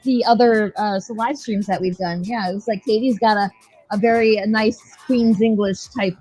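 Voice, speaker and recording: A woman's voice: mid-range voice, steady tone, normal speed, a little mellow. A woman hosting a casual online chat, talking loosely, laughing often and swearing freely. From United States. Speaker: host. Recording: dull lo-fi sound, faint music.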